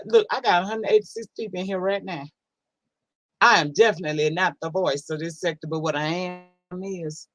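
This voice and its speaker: A woman's voice: fairly low pitch, a bit bright, no echo. A woman hosting a casual livestream, reading out chat comments in a blunt, profane, sassy way and drawling words for emphasis. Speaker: livestream host.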